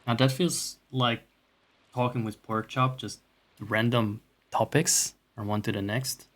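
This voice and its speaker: A man's voice: medium pitch, steady tone, measured pace, a bit bright. A man streaming games, talking casually in a rambling, profane way, with self-mocking asides. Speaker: game streamer. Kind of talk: casual chat while gaming.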